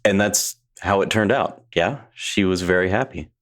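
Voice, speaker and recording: A man hosting a podcast interview, asking gentle, probing questions and giving soft agreeing murmurs. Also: low voice, moderate pace. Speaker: podcast host. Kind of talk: interview conversation.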